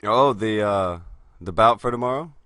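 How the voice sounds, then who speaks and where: A man's voice: fairly low pitch, normal speed, sharp tone, no echo, clean studio sound. A man co-hosting a live stream, cracking blunt, crude jokes. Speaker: stream co-host. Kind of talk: casual live-stream chat.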